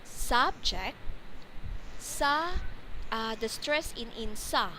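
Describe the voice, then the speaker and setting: A woman tutor with a fairly high voice leads an online English pronunciation lesson. She speaks slowly and patiently, modeling each word and correcting her student. Faint noise sits under her voice. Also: bright, forceful tone, rough recording. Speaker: English teacher.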